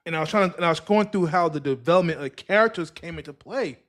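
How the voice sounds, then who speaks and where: A man's voice: fairly high pitch, quick pace, fairly bright tone. A man hosting a podcast, chatting loosely and rambling with restarts and fillers. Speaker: podcast host. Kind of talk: casual podcast chat.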